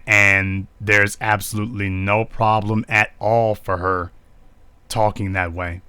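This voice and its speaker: A man's voice: lowish voice, little pitch movement, slow pace, sharp tone, clear, resonant tone, no room sound. A man giving live-streamed social commentary, indignant and preachy, hammering points home with repeated rhetorical questions. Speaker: online commentator.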